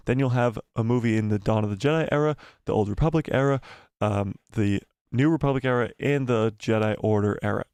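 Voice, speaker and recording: A man hosting a live stream, talking in an animated way and repeating phrases as he builds theories. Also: mid-range voice, no room sound, studio quality. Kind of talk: casual live-stream commentary.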